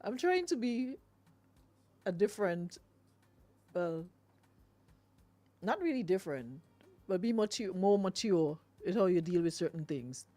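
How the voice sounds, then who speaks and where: A woman's voice: fairly low pitch, sing-song, a little slow, pauses often, dark tone, dry recording. A Grenadian woman hosting a radio show, chatting casually with lots of fillers and laughs. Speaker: radio host.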